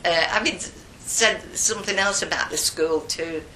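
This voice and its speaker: An older woman telling stories from her past in a chatty, animated way in an echoey room. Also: fairly low pitch, moderate pace, slight background noise. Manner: lively, chatty, animated retelling. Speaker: interviewee. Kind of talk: oral history storytelling.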